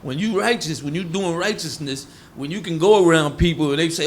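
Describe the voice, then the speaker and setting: A man's voice: fairly high pitch, fairly quick, hardly any pauses, a little hiss or hum. A man preaching in a casual, conversational way. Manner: informal, conversational, acts out quoted voices. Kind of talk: sermon teaching.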